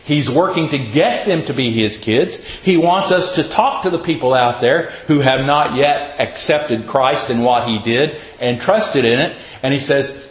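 A man's voice: mid-range voice, a little slow, few pauses. A man preaching a casual sermon, telling folksy stories and quizzing his listeners. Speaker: pastor. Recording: echoey, muffled room recording.

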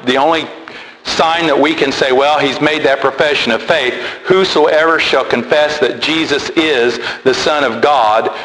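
Male preacher, unhurried delivery, chatty asides and repetitions, roomy reverberant hall, faint background noise. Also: medium pitch, fairly bright tone. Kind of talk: sermon.

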